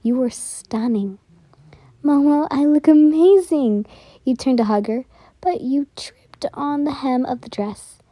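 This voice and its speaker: Soft-voiced young woman, whispered role-play. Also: a little high, unhurried, husky, no echo. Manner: soft, giggly, easily flustered. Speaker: storyteller.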